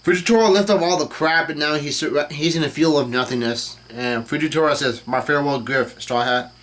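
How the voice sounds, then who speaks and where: A man casually reading a comic chapter aloud and commenting on it, with the dialogue in a flat voice and frequent fillers and self-corrections. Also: fairly high pitch, a little fast. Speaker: channel host reacting to a comic chapter.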